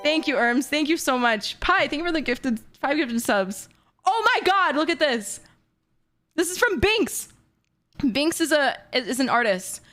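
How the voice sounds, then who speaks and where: High-voiced, gushing young woman streamer. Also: measured pace. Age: 20s. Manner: excitable, gushing, giggly. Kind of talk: casual live-stream chat.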